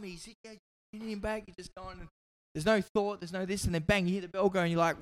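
A man in casual chat, telling stories in an animated way and swearing constantly. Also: sits high, fast, few pauses. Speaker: podcast guest telling fight stories.

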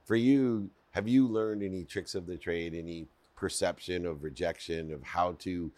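A man's voice: low-pitched, normal speed, a little mellow, dry recording. A man hosting a podcast interview, chatty and asking long questions. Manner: chatty, laughs along, asks long questions. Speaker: podcast host. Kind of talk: conversational interview.

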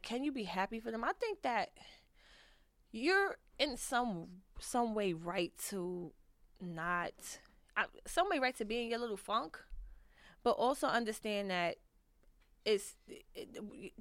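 A woman's voice: mid-range voice, expressive, unhurried, a bit bright, dry recording. Candid rambling woman vlogger, dry sound. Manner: candid, rambling, lots of fillers and restarts; frank and profane. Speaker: vlogger answering viewer questions. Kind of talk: casual advice chat.

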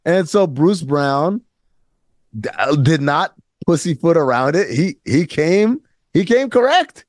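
A man co-hosting a casual sports talk show, animated and sarcastic, often acting out quotes in mock voices. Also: fairly high pitch, slow pace, no room sound, clean studio sound. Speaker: podcast co-host.

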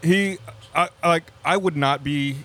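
A man's voice: fairly high pitch, fairly bright tone. A man co-hosting a podcast, chatting casually with frequent restarts and fillers. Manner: halting, many restarts. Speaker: podcast co-host. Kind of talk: casual chat.

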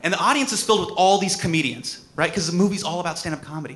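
A comedian in his thirties giving a personal tribute speech, telling a story with lively acted-out moments. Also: high-pitched, fast talker, hardly any pauses. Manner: animated storytelling, acts out quotes.

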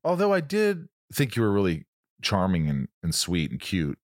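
A middle-aged man hosting a relaxed interview conversation, his voice sitting very low. He tells stories with energy and acts out the lines of the people in them. The sound is close and dry, with almost no room echo. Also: normal speed. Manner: animated storyteller, acts out quotes. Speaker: podcast host. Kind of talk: casual interview chat.

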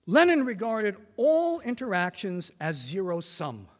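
Older male lecturer, high lively voice, reverberant lecture hall. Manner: measured, reads quotations with emphasis. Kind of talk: formal prepared lecture.

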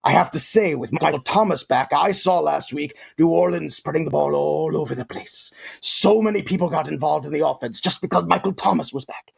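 A man's voice: on the high side, brisk, gravelly, breathy edge, full character voice. A man putting on a comic voice of a boastful alien titan villain on a sports talk show, speaking with pompous theatrical grandeur. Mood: mock-grand. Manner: pompous, theatrical, playful third-person boasts. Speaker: fantasy football guest in character. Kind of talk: comic character bit on a sports podcast.

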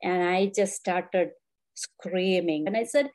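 A woman's voice: fairly low pitch, takes it slowly, a little mellow. A middle-aged woman, a grieving mother in an interview, earnestly recounting events and quoting what people said to her. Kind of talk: emotional personal account.

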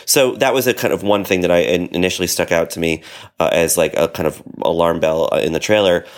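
Very low, gravelly man chatting about films. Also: quick pace. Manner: loose, hedging, many restarts and fillers. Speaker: podcast co-host. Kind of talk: casual film chat.

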